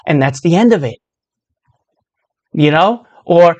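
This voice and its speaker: A woman in her sixties with a low voice register, telling a personal story in a loose, chatty way full of asides. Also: expressive, slow pace, a little mellow, no echo. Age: 60s. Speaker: speaker sharing a personal story. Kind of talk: casual storytelling monologue.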